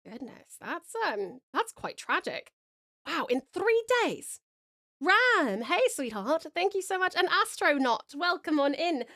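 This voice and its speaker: A woman's voice: high-pitched, very animated, slow, sharp tone, dry recording, clean studio sound. A woman from Australia, a streamer and voice actor, chatting casually on a livestream, full of ums and calling viewers darling.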